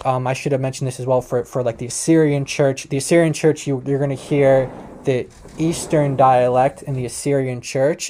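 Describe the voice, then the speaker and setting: Guy explaining stuff casually, warm low-key tone, lots of ums and restarts. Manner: halting, many fillers and restarts. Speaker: presenter explaining languages.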